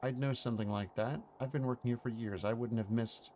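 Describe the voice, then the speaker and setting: A man's voice: mid-range voice, fairly even intonation, a little fast, dark tone, slight background noise, close to an everyday voice. A man voicing a loyal, protective older manor servant with a Scottish accent, using dialect words and old-fashioned grammar. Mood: puzzled.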